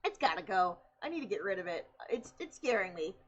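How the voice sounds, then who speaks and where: A woman's voice: medium pitch, very animated, brisk, muffled recording. A young woman streamer in casual chat, chatty and laughing often as she tells stories.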